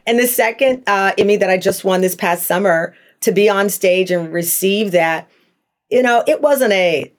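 Woman, middle-aged, interview guest, lively storyteller, candid, acts out quoted voices. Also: medium pitch, normal speed. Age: 40s to 50s. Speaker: talk show host, guest.

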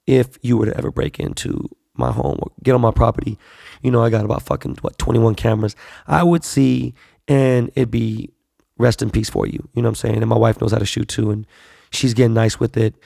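A man's voice: medium pitch, fairly even intonation, fairly quick, gravelly, dark tone, no echo, clean studio sound. A man in a blunt, profane, slangy casual monologue, repeating himself for emphasis.

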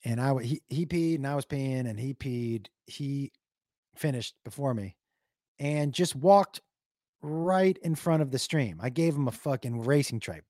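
A man's voice: medium pitch, unhurried, no echo, studio quality. A man streaming to his live chat, telling stories casually, swearing a lot and doing silly noises. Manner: profane, animated, does silly noises. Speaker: comedian streamer reading chat.

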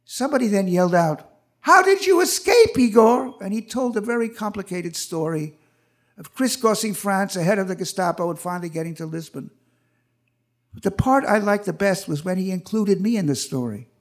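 An older man telling a true personal story on stage at a live event, animated and acting out the voices of the people in it. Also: high-pitched, fairly quick. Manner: animated, acts out quoted voices.

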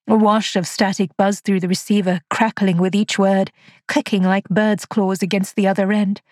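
A woman narrating as an aging, haunted spinster, telling her story in a quiet, hushed first-person voice. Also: mid-range voice, level tone, normal speed, no room sound, studio quality, natural voice. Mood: uneasy.

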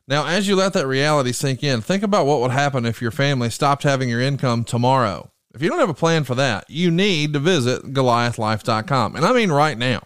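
Male podcast host, host-read ad, smooth, dry close mic, earnest pitch. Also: animated, brisk, hardly any pauses, fairly bright tone, no room sound. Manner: earnest, direct sales pitch.

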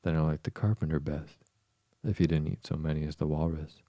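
A man reading the lines of a polite, curious young girl in a calm storybook voice. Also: a bass voice, fairly quick, no room sound. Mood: earnest.

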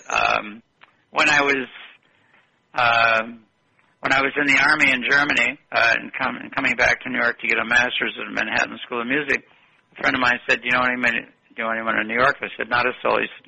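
A man's voice: mid-range voice, fairly even intonation, a little fast, creaky, pushed and bright, husky, rough recording. An older man telling long, rambling stories in an interview and correcting himself as he goes. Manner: rambling, anecdotal, self-correcting. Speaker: guest. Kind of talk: interview storytelling.

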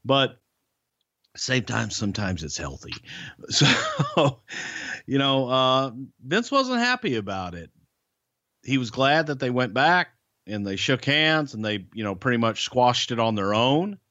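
A man chatting on a podcast in a blunt, folksy way, giving his opinions flatly. The audio is dry and a touch muffled. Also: medium pitch, unhurried, dry recording. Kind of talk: casual storytelling chat.

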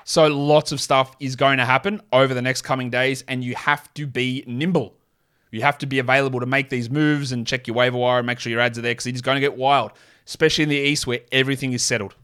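A man hosting a fantasy basketball podcast in a casual solo talk, with offhand asides and quick opinions. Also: medium pitch, fairly even intonation, a bit bright, smooth.

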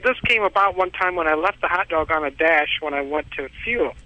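A man's voice: a little high, a little fast, pushed and bright, highs cut off. A man calling in, telling a long story in a rambling, repetitive way and laughing at himself. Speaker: caller. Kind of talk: casual phone-in storytelling.

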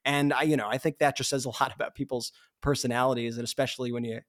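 A man co-hosting a podcast, talking casually in rapid bursts and restarting his sentences often. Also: mid-range voice, little pitch movement. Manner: rapid, with frequent restarts and fillers. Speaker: podcast co-host. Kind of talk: casual conversational storytelling.

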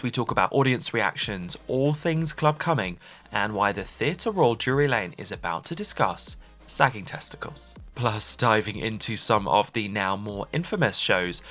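A man's voice: on the low side, pushed and bright. A man hosting a theatre podcast, reading a scripted intro and then interviewing with effusive enthusiasm. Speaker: podcast host.

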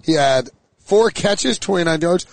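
A man's voice: a little high, a little slow, creaky, no echo. A man co-hosting a sports podcast, telling stories and acting out quotes. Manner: storytelling, animated quoting. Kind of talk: casual sports banter.

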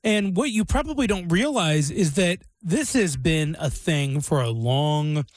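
A man's voice: a little high, animated, a little slow, dry recording, clean studio sound. A man hosting a radio show, chatting in an upbeat, playful way. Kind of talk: casual chat.

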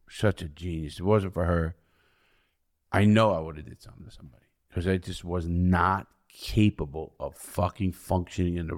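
A middle-aged American podcast guest with a prison past tells candid stories in conversation, blunt and full of constant swearing. He moves back and forth between loud outbursts and quiet, low murmurs.

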